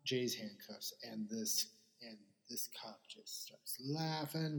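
A man's voice: mid-range voice, takes it slowly, creaky, a bit bright, long reverb tail. A man co-hosting a podcast, retelling a sitcom episode in casual chat and acting out the characters' lines. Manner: rambling retelling with acted-out quotes. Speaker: podcast co-host.

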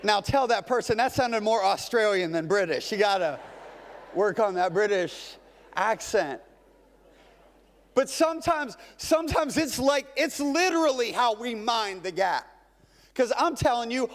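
A male pastor delivering a lively, conversational sermon full of rhetorical questions to a congregation. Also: very high-pitched, moderate pace, in a large hall. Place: large church sanctuary.

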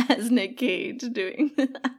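A woman's voice: a little high, slow pace, husky. A woman as a podcast guest, giggly and a little shy in casual chat.

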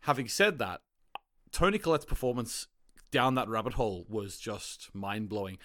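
A man's voice: on the low side, normal speed. Chatty man co-hosting a movie podcast. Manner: chatty, restarts often, animated. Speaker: podcast co-host. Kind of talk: casual movie chat.

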